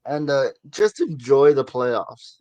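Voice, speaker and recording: A man's voice: mid-range voice, expressive, takes it slowly, a little mellow, dry recording. A man hosting a casual sports talk show, chatty and given to sarcastic asides. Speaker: sports podcast host.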